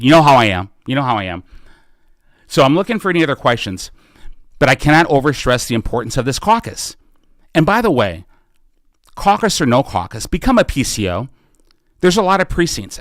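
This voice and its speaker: A man's voice: medium pitch, sing-song, brisk, a bit bright, no echo, clean studio sound. Fervent middle-aged man rallying listeners. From United States. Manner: fervent, exhortative, repeating calls to action. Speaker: podcast host and political candidate. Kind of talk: live podcast Q&A, rallying appeal.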